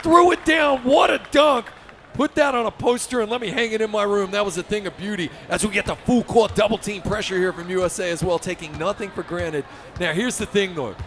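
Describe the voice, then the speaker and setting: A man doing fast, excited play-by-play commentary on an esports basketball match, often shouting. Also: high voice, slight background noise.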